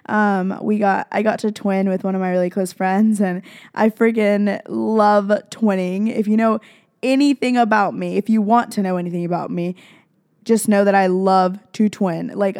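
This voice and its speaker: Young woman, podcast host, gushing rambly chat, lots of vocal fry, dry close mic. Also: medium pitch, flat delivery, normal speed, darkish tone, no echo. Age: young adult. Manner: gushing, rambling, heavy on "like" and "freaking". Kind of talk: casual confessional chat.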